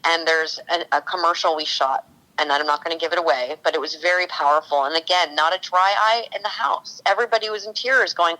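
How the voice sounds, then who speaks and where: A woman's voice: lowish voice, fairly quick, pushed and bright, poor audio. A woman working as a cannabis consultant for a TV show, talking enthusiastically in a casual podcast interview. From California. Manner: enthusiastic, storytelling.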